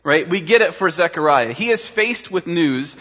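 A man's voice: a little high, expressive, normal speed, a bit bright. A man preaching a sermon as pastor, talking conversationally and asking his listeners rhetorical questions. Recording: long hall reverb.

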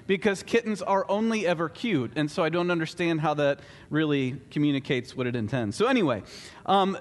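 Pastor guy giving a sermon, casual and a bit jokey, slightly high voice. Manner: conversational, lightly humorous preaching.

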